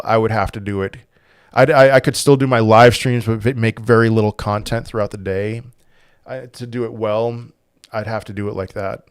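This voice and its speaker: A man hosting a casual crypto livestream, reading viewer questions with many restarts, sometimes turning loud and heated. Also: on the low side, smooth, no room sound, clean studio sound. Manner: halting, full of restarts, turns loud and heated when angry.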